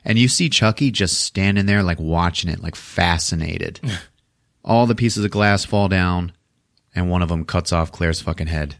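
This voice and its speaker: A man with a very low voice recaps a horror movie for his podcast in a casual, animated way. He laughs often and swears freely. The recording is dry and close, with no room sound. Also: moderate pace, no room sound. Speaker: podcast host.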